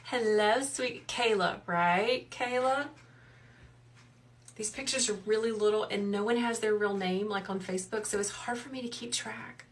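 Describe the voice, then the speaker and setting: A woman, hosting a live wreath-making tutorial in a soft, soothing, chatty way while she reads out viewers' comments. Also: medium pitch, normal speed, far from the mic, a little hiss or hum. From South Carolina. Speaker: wreath maker and livestream host. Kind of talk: live craft tutorial chat.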